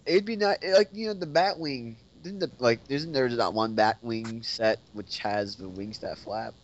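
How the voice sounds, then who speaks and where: A male podcast co-host with a medium-pitched voice speaks at a measured pace on a casual show. He sounds hesitant, often restarting sentences and leaning heavily on "like," and the audio is dull and lo-fi.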